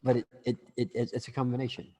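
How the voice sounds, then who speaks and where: A man's voice: mid-range voice, monotone, fast talker, mellow, in a large hall. A man teaching a class in a casual, rambling way, full of restarts and asides.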